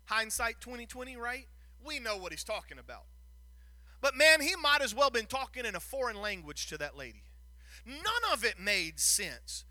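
A man preaching a sermon, retelling a Bible story with lively acted-out lines and frequent stumbles and repeated words. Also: extremely high pitch, moderate pace, no echo.

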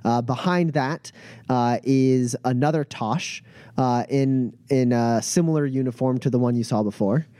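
A man's voice: mid-range voice, mellow, no echo. Hesitant male game master, dry sound. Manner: descriptive, many filler pauses. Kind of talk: narrating a tabletop game.

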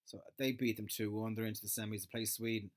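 A man's voice: fairly low pitch, flat delivery, fast. A man from Ireland ranting in a casual, rambling monologue, sarcastic and swearing a lot. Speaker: solo commentator.

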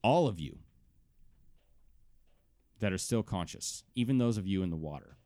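Lowish-voiced male game master. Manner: animated storytelling, drawn-out words. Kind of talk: narrating a tabletop game.

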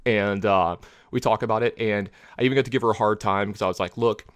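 A man telling a long story in casual podcast chat, rambling, full of filler words and lively retellings. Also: on the low side, quick pace, smooth, dry recording, clean studio sound.

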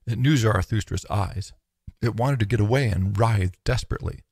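A man reading a philosophical text aloud in a measured, solemn, declaiming way, close to the mic. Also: on the low side, darkish tone, breathy edge, no echo. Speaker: narrator.

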